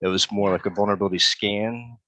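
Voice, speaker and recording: A man's voice: on the low side, steady tone, fast, bright, forceful tone, no echo. A man hosting a podcast, talking casually and earnestly, often repeating words as he starts a sentence. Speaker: podcast host. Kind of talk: casual interview chat.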